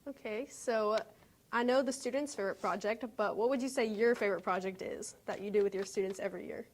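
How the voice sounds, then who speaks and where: A woman's voice: mid-range voice, a little fast. A teenage girl hosting a student news show, asking interview questions and reading school announcements in an upbeat way.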